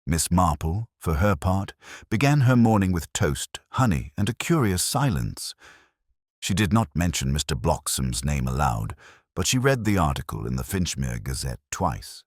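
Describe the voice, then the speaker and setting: A man narrating a village mystery story in a measured, expressive storytelling manner. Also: deep voice, no echo, clean studio sound.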